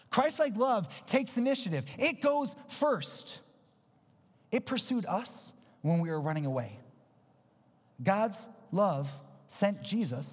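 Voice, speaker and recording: Husky high-voiced man preaching. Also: darkish tone. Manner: earnest, emphatic repetition, dropping to low intense tones. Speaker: pastor. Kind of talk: sermon. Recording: long hall reverb.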